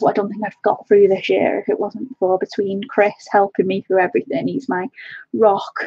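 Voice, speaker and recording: A woman hosting a colouring live stream, talking to her viewers in an emotional, halting way with many restarts. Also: medium pitch, darkish tone, husky, no room sound, highs cut off. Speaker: colouring channel host.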